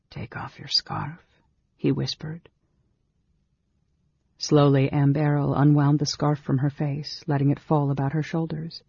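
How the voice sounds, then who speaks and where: An audiobook narrator reading a fantasy story in a steady, measured way. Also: medium pitch, creaky, slightly rough, no room sound, lo-fi sound. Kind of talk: scripted narration.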